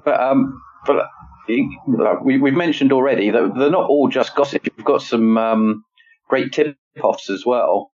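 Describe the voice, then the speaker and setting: Slow-talking man hosting, muffled sound. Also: mid-range voice, a little mellow. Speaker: podcast host. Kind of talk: conversational interview.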